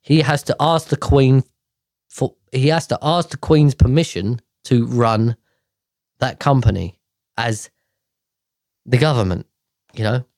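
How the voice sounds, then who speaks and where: A man talks in a loose, rambling monologue, restarting and correcting himself as he goes. His voice sits at an ordinary pitch, and the recording is dry and close. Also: measured pace, pauses often, darkish tone, dry recording. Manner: rambling, self-correcting, chatty. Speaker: host. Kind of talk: casual monologue.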